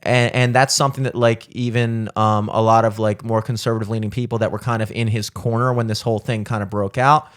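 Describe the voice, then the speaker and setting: A man's voice: fairly low pitch, level tone, a little fast, few pauses. A young man hosting a podcast, rambling in casual chat with many filler words and frequent swearing. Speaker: podcast host.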